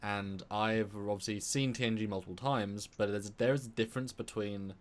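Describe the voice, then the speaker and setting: A man's voice: lowish voice, steady tone, moderate pace. A man co-hosting a live-stream chat who rambles and repeats words as he thinks aloud. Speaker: co-host.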